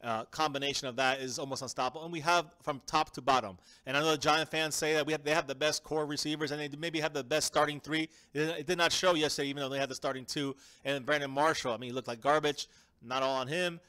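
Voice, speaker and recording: A man hosting a casual live-stream sports chat, energetic and emphatic, often calling out to viewers. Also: fairly high pitch, quick pace, clean tone. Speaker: fan show host.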